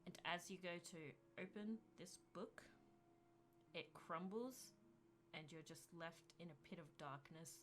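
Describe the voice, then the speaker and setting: Slow-paced woman narrating a tabletop game. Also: fairly low pitch, fairly bright tone, a little hiss or hum. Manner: slow, measured storytelling. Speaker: game master.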